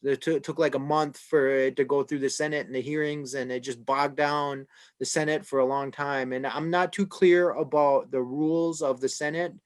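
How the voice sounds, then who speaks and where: A man's voice: medium pitch, little pitch movement, normal speed. A man on a podcast panel, talking through politics casually and hesitantly, with many fillers and restarts.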